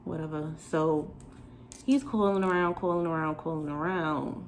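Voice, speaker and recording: A young woman from New York telling a storytime to the camera, animated and sassy, acting out the quoted lines. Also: low voice, moderate pace, a little hiss or hum, poor audio. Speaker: vlogger. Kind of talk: storytime chat.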